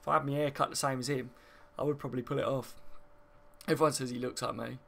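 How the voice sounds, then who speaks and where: A football channel host from Kent, England, talks fast in a mid-range, creaky voice with a sharp tone and fairly even intonation. Reading his live stream chat and reacting to the match, he's chatty, laughs often and calls viewers mate.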